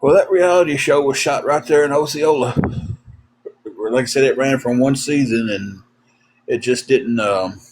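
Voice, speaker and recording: Rambling through folksy stories for his live chat, the host uses many fillers and keeps restarting his thoughts. He speaks at normal speed in a mid-range voice, and the rough recording has slight background noise.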